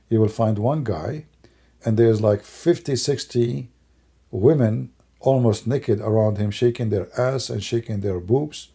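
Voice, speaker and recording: A man whose first language is Arabic, hoarse from losing his voice, musing and rambling in broken English on a livestream. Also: lowish voice, mellow. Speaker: livestream host. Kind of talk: casual livestream talk.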